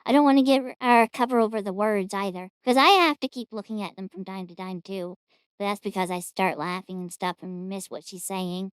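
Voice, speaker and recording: Chatty woman reacting, smooth dry voice. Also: medium pitch, fairly even intonation, brisk, no room sound. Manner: chatty, rambling, amused. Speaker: reaction streamer host. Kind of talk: casual reaction commentary.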